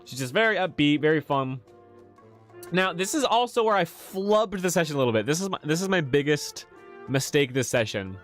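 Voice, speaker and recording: A man's voice: fairly high pitch, normal speed, soft background music. Chatty man talking about a tabletop campaign. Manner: relaxed and chatty, laughs at himself. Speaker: game master and channel host. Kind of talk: casual livestream talk.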